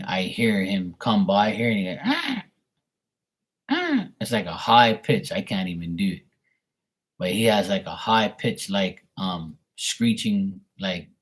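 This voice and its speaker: A man, hosting a live tarot stream, telling a rambling, profane story and answering his viewers. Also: lowish voice. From Bermuda. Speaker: tarot reader livestream host. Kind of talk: casual livestream chat.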